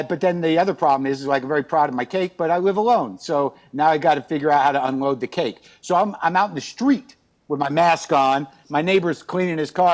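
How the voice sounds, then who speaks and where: Rambling, exasperated man with a high voice. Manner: rambling, exasperated, self-mocking. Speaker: guest. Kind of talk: comic storytelling chat. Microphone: remote video call from outside his house.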